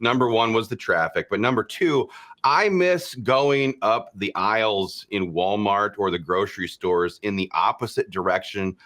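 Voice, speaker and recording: A man's voice: fairly low pitch, moderate pace, a bit bright. A man co-hosting a political podcast who talks in a brash, profane, mocking way. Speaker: podcast co-host. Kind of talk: opinionated political talk.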